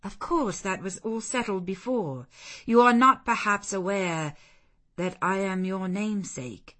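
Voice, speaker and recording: A woman's voice: mid-range voice, unhurried, a bit bright. A woman voicing a determined, passionate young woman who speaks in an insistent, fervent way.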